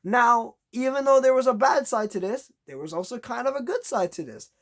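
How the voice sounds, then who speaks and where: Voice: mid-range voice, lively intonation, a little fast. A vlogger telling a long, exasperated story in a casual rant, acting out conversations in a raised voice.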